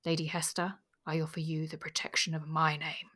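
A woman's voice: low-pitched, flat delivery, a little fast, pushed and bright. A woman reading aloud as a pompous, solemn older male vicar, grave and declaiming.

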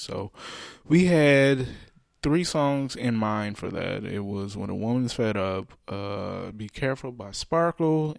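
A man's voice: fairly low pitch, creaky, darkish tone, no room sound, clean studio sound. A young man co-hosting a podcast, talking in a laid-back, rambling way with fillers. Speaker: podcast co-host. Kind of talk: casual podcast chat.

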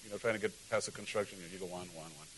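A male pastor preaching a sermon in an animated, joking way, often asking the congregation questions. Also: lowish voice, rapid-fire, slight background noise, rough recording.

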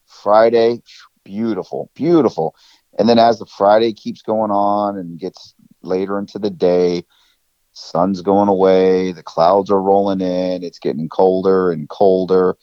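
Slangy man with a low, dull-toned voice. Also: unhurried, no echo. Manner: excitable, slangy, storytelling. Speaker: podcast co-host. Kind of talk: casual podcast chat.

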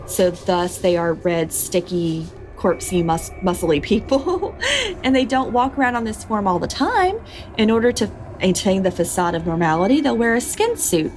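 Female podcast host, mid-pitch, animated storyteller, light background hiss. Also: moderate pace. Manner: laughs often, animated storytelling. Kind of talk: storytelling a folktale and casual chat.

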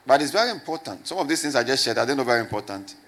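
A man's voice: medium pitch, sing-song, very fast, a bit bright. A middle-aged man, a pastor, preaching a sermon and asking his congregation to repeat his words back. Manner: call-and-response preaching, repeats questions to the crowd.

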